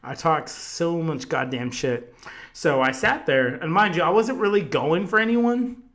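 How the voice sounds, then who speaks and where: A man's voice: fairly high pitch, unhurried, fairly bright tone. A man hosting a podcast, telling a long story in casual chat, swearing constantly and rambling, a bit tipsy. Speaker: podcast host.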